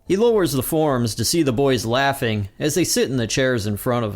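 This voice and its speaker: A man hosting a podcast, recapping a cartoon episode in lively storytelling narration. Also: medium pitch, moderate pace, few pauses, soft background music. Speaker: podcast host.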